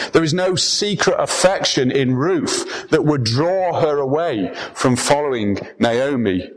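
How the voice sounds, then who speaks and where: A man's voice: medium pitch, animated, measured pace, hardly any pauses, poor audio. A man preaching a sermon as pastor, earnest and emphatic, often restarting his phrases.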